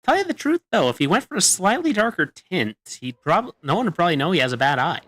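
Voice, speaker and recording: A male streamer chats through his gameplay, his voice bright and forward. He jokes a lot, and his pitch rises and falls in lively swings. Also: fast, dry recording. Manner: joking, chatty. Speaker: VTuber streamer. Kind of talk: casual gameplay commentary.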